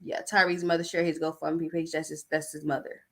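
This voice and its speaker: A woman's voice: low-pitched, level tone, fairly quick. A woman podcast host, reading posts aloud and giving blunt, sarcastic gossip commentary in a casual way.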